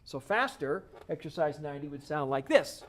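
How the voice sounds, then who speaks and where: Man, drum teacher, encouraging, step-by-step explanations, slightly higher voice. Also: lively intonation, moderate pace, over loud music. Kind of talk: video lesson.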